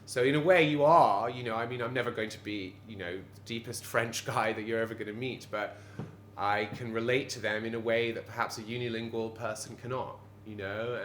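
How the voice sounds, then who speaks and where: A man's voice: lowish voice, a little hiss or hum. Quebecois-Canadian man chatting in a roomy pub. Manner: animated, digressive, many fillers and restarts. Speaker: pub landlord. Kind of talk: conversational interview. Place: bar of an old pub. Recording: roomy pub with background ambience.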